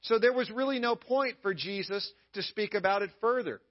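A man's voice: high-pitched, normal speed, highs cut off. A male pastor preaching a sermon at a church service in a conversational way, with playful asides to the congregation.

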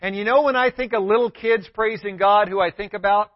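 Man, pastor, sermon, high-pitched, emphatic, dull lo-fi recording. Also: brisk, dry recording. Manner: emphatic, repeats key words for stress. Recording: dull lo-fi sound.

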